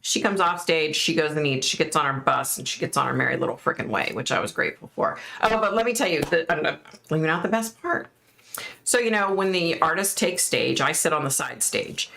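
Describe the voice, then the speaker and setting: Woman host, low gravelly voice, chatty storyteller who mimics the people she quotes. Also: expressive, brisk, pushed and bright. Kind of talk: casual storytelling.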